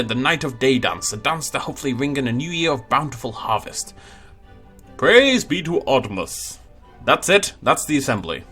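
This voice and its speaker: Man playing a pompous old dinosaur headmaster in a game, grand and formal, loud. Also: medium pitch, close to an everyday voice. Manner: grand, formal, drawn-out speech.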